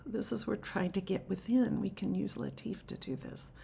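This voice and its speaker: A woman giving an unhurried, meditative spiritual talk, musing aloud and often dropping to a hushed near-whisper. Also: medium pitch, expressive, vocal fry, breathy edge. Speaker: spiritual teacher.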